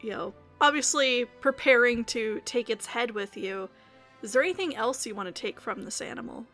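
A woman narrating as game master of a tabletop game, speaking in a measured, deliberate way. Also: a little high, expressive, fairly bright tone, soft background music.

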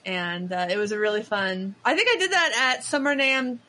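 A woman podcast co-host in casual chat, telling stories in a lively, animated way with quick asides. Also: on the high side.

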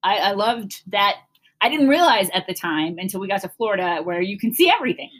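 A middle-aged woman from Cleveland, Ohio, chats casually with her daughter in a mid-range voice, talking fairly quickly. She tells family stories animatedly, laughing and acting out her own panicked voice.

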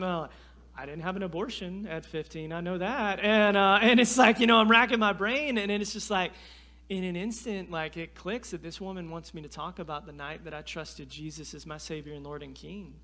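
A man, telling a story in a sermon in an animated, self-deprecating way. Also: high voice, fairly quick. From North Carolina. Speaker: guest preacher.

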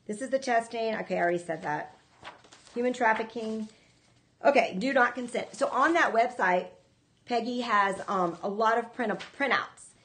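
A woman's voice: a little high, normal speed, fairly bright tone. A woman hosting a ministry show, preaching to viewers in an earnest, emphatic way, often repeating herself. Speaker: ministry host.

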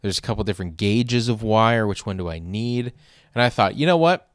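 A man's voice: on the low side, a little fast, no echo, studio quality. A young man hosting a podcast, telling a rambling comedic story in an exasperated way with casual swearing. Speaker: podcast host.

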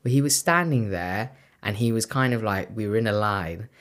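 A woman's voice: rumbling low, normal speed. A young woman co-hosting a podcast in casual chat, supportive and thoughtful and leaning on fillers. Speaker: podcast co-host.

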